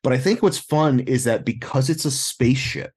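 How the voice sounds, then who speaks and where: A man's voice: mid-range voice, normal speed, slightly rough. A man talking about a film on a podcast, joking, riffing and swearing freely. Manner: animated, jokey, swears freely. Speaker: podcast co-host. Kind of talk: casual movie discussion.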